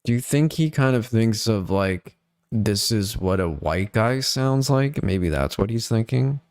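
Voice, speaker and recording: A man's voice: lowish voice, lively intonation, measured pace, darkish tone. A man, a guest on a live stream panel, chatting casually in a laid-back, rambling way with many fillers. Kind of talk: casual chat.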